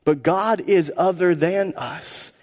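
Male pastor, somewhat high voice, emphatic sermon delivery with dramatic volume swings, recorded in a reverberant sanctuary. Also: slow pace. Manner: emphatic, repeats phrases, swings between loud and hushed. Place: church sanctuary. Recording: church hall reverb.

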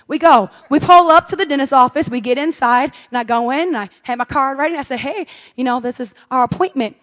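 A middle-aged woman with a high voice tells a personal story, acting out each moment. Her talk swings between quiet asides and loud, exasperated outbursts. Long reverb trails behind her words, as if she were in a big hall. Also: fast talker. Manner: expressive, rising to loud exasperation.

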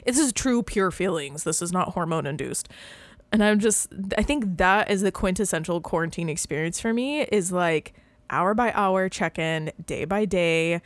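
A woman in her thirties chatting casually as a podcast co-host, rambling, filling her talk with "like" and breaking into quick laughs. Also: lowish voice, lively intonation, no echo. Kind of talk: casual chat.

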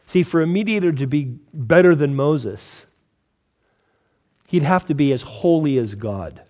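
A man preaching a sermon in a conversational, storytelling way, acting out the characters with lively quotes. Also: on the high side, measured pace.

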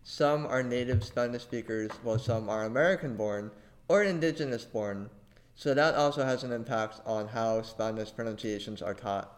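A man appears as a guest on a podcast, reading prepared answers. He explains things in a measured, even tone at a mid pitch for a man. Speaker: podcast guest, Spanish tutor.

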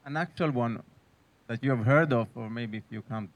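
A man's voice: mid-range voice, normal speed. A man asks a panel guest questions in a mid-range voice. He pushes on and rephrases until he gets an answer. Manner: probing, rephrasing his questions. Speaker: interviewer.

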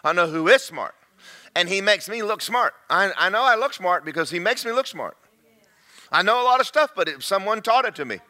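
A man preaching a sermon to a congregation, swinging between loud shouts and quiet, confiding asides. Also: sits high, lively intonation, a little fast.

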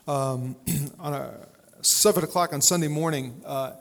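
A man's voice: a little high, measured pace, big-room sound. A male pastor preaching a sermon in a conversational, storytelling way, with plenty of fillers and restarts.

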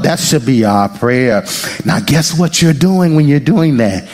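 A male pastor preaching an impassioned sermon, swinging from loud cries to near-whispers and breaking into prayer. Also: a little high, big pitch swings, a little slow. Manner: prays aloud mid-sermon.

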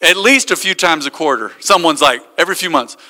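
A man's voice: a little high, expressive, a little fast, sharp tone, long reverb tail. A man, a pastor, preaching a sermon and telling stories with acted-out quotes. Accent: American.

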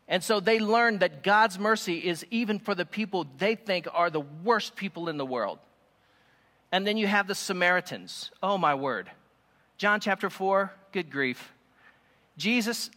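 A man delivers an animated sermon with emphatic storytelling, his voice high-pitched and bright. He speaks to listeners in a room, and long reverb trails after his lines. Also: moderate pace. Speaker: preacher.

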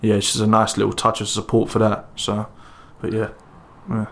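Low-voiced laid-back young man. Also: normal speed, vocal fry. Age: 20s. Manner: relaxed, filler-heavy, modest. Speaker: football club organiser. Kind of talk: casual interview chat.

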